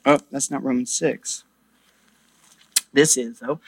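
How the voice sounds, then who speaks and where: A man's voice: mid-range voice, steady tone, slow, vocal fry, pauses often. A middle-aged man preaching a sermon as pastor, emphatic, with rising exclamations.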